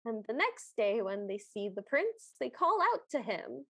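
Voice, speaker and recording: A woman's voice: fairly high pitch, unhurried, gravelly, slightly rough, no room sound. A woman co-hosting a podcast, casually recapping a film and retelling its scenes with animation. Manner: animated retelling, acting out quotes. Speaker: podcast co-host.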